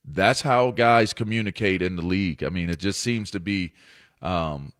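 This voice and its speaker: A man's voice: sits low, moderate pace. A man co-hosting a sports radio talk show, joking easily about players and coaches in a radio studio. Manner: relaxed, joking. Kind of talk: casual sports radio banter.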